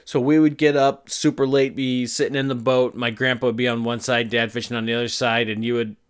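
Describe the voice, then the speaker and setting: Thirtysomething dad from arizona, podcast host, goofy laid-back storytelling, middle-pitched voice. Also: male voice, fairly quick, clean tone. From Arizona, USA. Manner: animated, jokey, does voices in quotes. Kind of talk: casual storytelling monologue.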